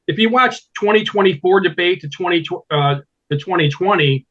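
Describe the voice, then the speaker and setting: A man, a stand-up comedian, chatting as a guest in a casual interview and telling animated stories. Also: high-pitched, moderate pace, dull audio. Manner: animated storyteller, slips into impressions.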